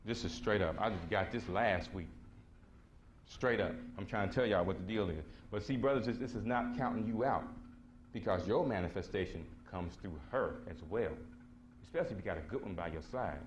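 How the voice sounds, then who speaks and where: At a conference, a man with a lowish voice tells stories to a live audience at a fairly quick pace, with slight background noise. His talk is blunt, slangy, and emphatic, and he acts out the voices of the people he quotes.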